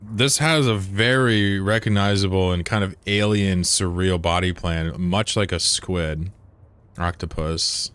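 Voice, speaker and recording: A man streaming a game in casual, profane chat, answering his viewers and drawling slowly when he admires something. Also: low-pitched, fairly bright tone, clean tone. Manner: laid-back, profane, answers chat aloud.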